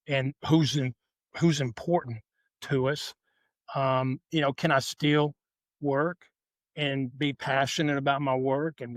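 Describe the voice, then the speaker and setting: An older man speaking as a podcast guest at a live conference session, reflective and halting, often restarting his thoughts. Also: medium pitch, no room sound. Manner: halting, frequent "you know" and restarts. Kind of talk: reflective conversation.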